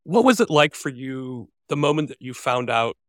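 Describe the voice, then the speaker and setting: A man's voice: mid-range voice, very animated, normal speed, no echo, studio quality. A man hosting a podcast, asking short, friendly interview questions. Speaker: podcast host.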